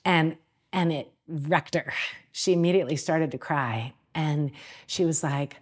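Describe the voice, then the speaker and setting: A woman coach, a guest on a podcast, telling animated stories and laughing often. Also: low-pitched, unhurried, slightly rough. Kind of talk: casual interview chat.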